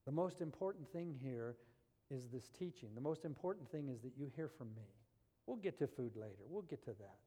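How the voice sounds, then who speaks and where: A man voicing a tender, patient male teacher, speaking softly and gently. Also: mid-range voice, lively intonation, moderate pace, husky, in a large hall. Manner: soft, gentle, hushed.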